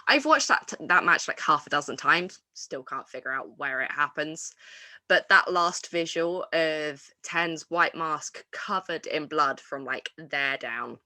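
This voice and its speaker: Female host, casual and gushing, low-pitched but bright tone, dry recording. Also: lively intonation, a little slow, no echo. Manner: enthusiastic, rambling with restarts and fillers. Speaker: wrestling podcast host. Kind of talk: casual review chat.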